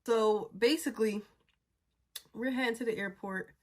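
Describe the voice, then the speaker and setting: A woman's voice: a little high, normal speed. A young adult woman telling a story in a casual, blunt and profane way, sounding exasperated as she recounts it.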